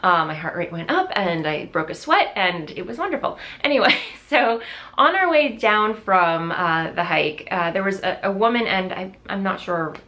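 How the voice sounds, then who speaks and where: A woman's voice: medium pitch, sing-song, moderate pace, pushed and bright. A woman hosting a knitting video podcast, chatting casually to viewers in an enthusiastic, rambling way with lots of fillers and restarts.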